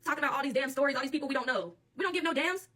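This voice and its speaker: Tarot reader, woman, AAVE, quick and sharp-toned, mic set back a bit. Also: high voice, distant mic. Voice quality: blunt and profane, laughs often. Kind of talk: channeled tarot reading monologue.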